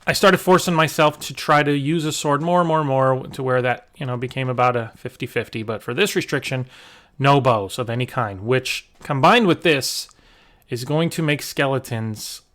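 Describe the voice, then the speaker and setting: Male gaming host, mid-pitch, casual rambling commentary over gameplay. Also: moderate pace, fairly bright tone. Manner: chatty, rambling with fillers and restarts. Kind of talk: casual let's-play commentary.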